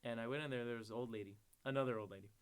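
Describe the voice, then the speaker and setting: A man's voice: mid-range voice, racing, clear, resonant tone. A young man co-hosting a podcast, telling crude stories in casual chat and laughing as he acts out the people in them. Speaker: podcast co-host.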